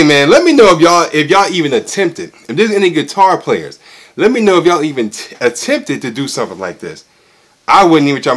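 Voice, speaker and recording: A man's voice: a little high, a bit bright, breathy edge. A young man reacting to a song, hyped and exclamatory, repeating himself, with the track playing faintly under his voice. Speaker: music reaction YouTuber. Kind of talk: excited casual reaction.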